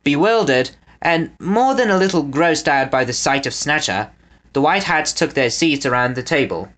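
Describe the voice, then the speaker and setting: A man reading a children's storybook aloud as the narrator, with an expressive delivery. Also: fairly high pitch, normal speed. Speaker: audiobook reader.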